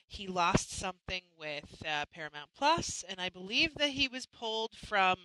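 A woman's voice: lowish voice, sharp tone, no echo, poor audio. A woman hosting a live chat show, talking casually and chattily, often restarting and apologizing. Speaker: host.

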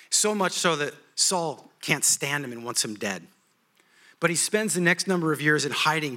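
A man preaching a sermon, telling a story in an animated, humorous way. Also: fairly high pitch.

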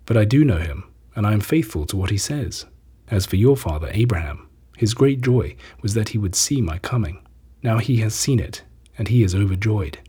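A calm, authoritative teacher speaking with quiet conviction, as a male reader voices him. The voice is low, mellow and very husky, breathy at the edges. Every line is measured and solemn. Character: Jesus, a calm, authoritative teacher, adult man. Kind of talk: scripture reading.

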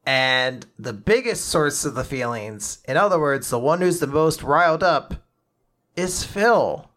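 A man casually recapping a manga chapter as a podcast co-host, excitedly acting out characters' lines and swearing casually. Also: medium pitch, unhurried.

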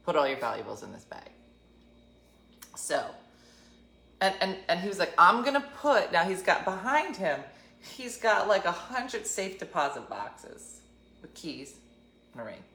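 A woman in her fifties telling a comic story, animated and self-mocking. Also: medium pitch, unhurried, roomy sound. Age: 50s. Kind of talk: comedic storytelling.

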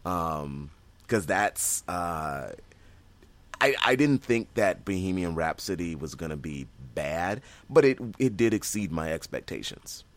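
Low-voiced man rambling excitedly. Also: measured pace. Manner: rambling, many fillers and restarts; enthusiastic. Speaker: podcast co-host. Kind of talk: casual chat.

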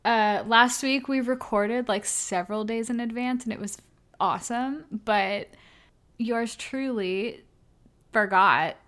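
A woman's voice: a little high, slow, fairly bright tone. Young woman podcast cohost, chatty, laughs a lot, super casual. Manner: chatty, laughs often, filler-heavy. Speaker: podcast co-host. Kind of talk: casual chat.

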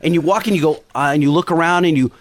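A man's voice: on the high side, quick pace, no room sound. Rambling man telling a story. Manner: rambling, goes off on tangents. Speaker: podcast guest. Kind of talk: casual storytelling chat. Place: home recording.

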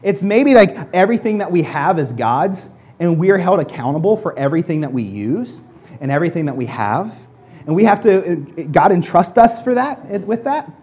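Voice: medium pitch, sing-song, normal speed, darkish tone. A pastor preaching a conversational sermon to a congregation, often restarting and repeating words, and acting out people's excuses in mock voices.

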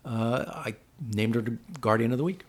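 Mid-pitched male co-host, measured and hesitant, uses fillers. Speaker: podcast co-host. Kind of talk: casual political chat.

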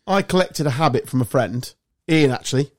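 A man's voice: medium pitch, fairly quick, no room sound, studio quality. Swearing English man telling stories. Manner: swears freely, tells anecdotes with acted quotes, laughs often. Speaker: podcast host. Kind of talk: casual chat.

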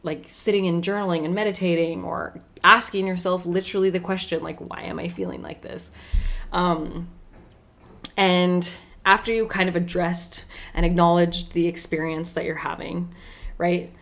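Chatty woman podcast host, lowish voice. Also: little pitch movement, normal speed, a bit bright. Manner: chatty, frequent "right?" and "like", laughs often. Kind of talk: casual self-help podcast talk.

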